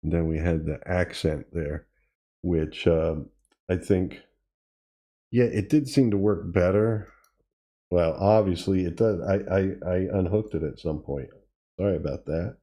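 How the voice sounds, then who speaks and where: A man hosting a tutorial, casually demonstrating gear and thinking aloud with pauses and self-corrections. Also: sits low, warm tone, husky. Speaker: tutorial host. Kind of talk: casual demo while playing. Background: drum machine sounds he is playing.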